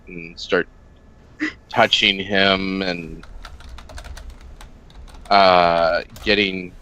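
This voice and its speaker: Male gamer, slow, bright timbre, hesitant and giggly. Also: deep voice, fairly even intonation, low-quality recording. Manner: hesitant, filler-heavy, giggly. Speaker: player. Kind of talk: casual tabletop game chat.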